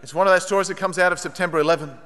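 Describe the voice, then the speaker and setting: A man's voice: high-pitched, rapid-fire, in a large hall. A man preaching a sermon, telling a story earnestly and lifting his voice when he quotes a desperate plea. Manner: earnest, animated retelling, raising his voice for quoted pleas.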